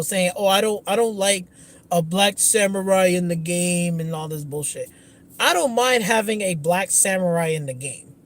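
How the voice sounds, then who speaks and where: Man, gaming streamer, angry rant, profane, high voice, stumbling restarts. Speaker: gaming channel host. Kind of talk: livestream rant.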